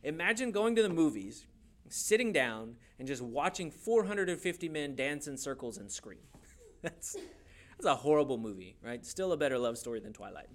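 A man's voice: on the high side, very animated, moderate pace. A man teaching a youth Bible class in a casual, joking way, asking the class questions as he goes.

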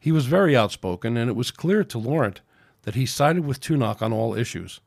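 A man reads his own story aloud as podcast host, in an ordinary middle voice. His delivery is steady and plain, with small slips. The sound is dry and close. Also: medium pitch, a little fast, gravelly, no room sound. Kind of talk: reading fiction aloud.

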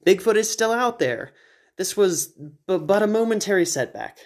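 A man's voice: sits high, expressive, moderate pace, voice pushed up. A man voicing an eccentric, obsessive male Bigfoot hunter who speaks in a pompous, theatrical way. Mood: indignant.

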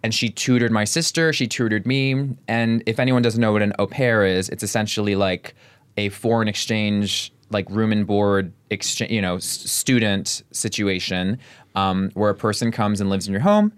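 Podcast guest, male, low smooth voice, rambling casual chat. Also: fairly even intonation, moderate pace. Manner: chatty, fills with "like" constantly. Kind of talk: casual conversation.

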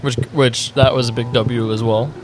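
Co-host, hesitant talker, mid-pitched, casual. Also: male voice, fairly even intonation, normal speed, loud music behind the voice. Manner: hesitant, trailing off with restarts. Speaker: podcast co-host. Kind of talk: casual chat.

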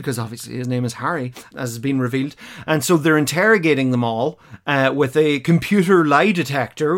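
Chatty, hesitant man recapping an episode. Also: a little high. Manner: chatty and hesitant, lots of fillers, laughs as he talks. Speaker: podcast co-host watching a classic series for the first time. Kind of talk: casual chat, recapping an episode.

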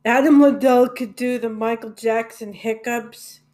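A woman's voice: on the high side, steady tone, measured pace, a little mellow. A woman in a casual rambling monologue about music, hesitant, with many fillers and restarts and some blunt swearing. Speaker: music vlogger.

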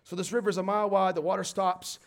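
A man preaching a sermon, animated and storytelling, swinging from quiet reading to shouted emphasis. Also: high-pitched, fast.

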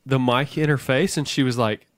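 A man co-hosting a podcast in casual chat, telling stories in an animated, profane way. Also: mid-range voice, moderate pace, no echo, clean studio sound. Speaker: podcast co-host.

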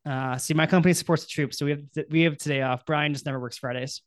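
A man's voice: on the high side, fairly even intonation, fast talker. A man co-hosting a casual podcast, teasing his co-host with joking banter.

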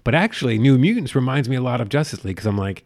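A man in his thirties co-hosting a casual chat, profane and animated as he tells stories. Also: medium pitch, racing.

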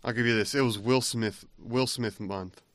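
A man's voice: mid-range voice, steady tone, normal speed, fairly bright tone, no echo, clean studio sound. A man co-hosting a podcast, chatting casually and rambling as he laughs through his retelling. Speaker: podcast co-host. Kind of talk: casual chat.

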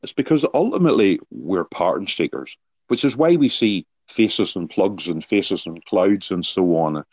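Male podcast guest, low and deep, earnest explainer, dry, muffled sound. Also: expressive, moderate pace, darkish tone, dry recording. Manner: earnest, explanatory, poses rhetorical questions. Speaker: guest, sports psychology author. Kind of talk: podcast interview answers with anecdotes. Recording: dull lo-fi sound.

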